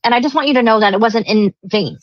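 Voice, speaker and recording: A woman's voice: fairly high pitch, fast, no echo. A woman guest on a livestream, talking earnestly and filling her sentences with "you know" and "like". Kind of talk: earnest casual talk. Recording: dull lo-fi stream audio.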